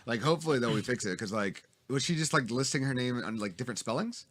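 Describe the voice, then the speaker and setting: A man's voice: mid-range voice, lively intonation, fast talker, fairly bright tone. A man from the American South hosting a podcast, talking in a rambling, chatty way with lots of fillers. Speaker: podcast host. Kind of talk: casual chat.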